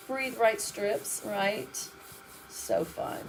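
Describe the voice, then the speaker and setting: A woman's voice: a little high, a little hiss or hum. A woman hosting a live mixed media art demonstration, chatting and thinking aloud as she works and answering viewer comments. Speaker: mixed media artist and host.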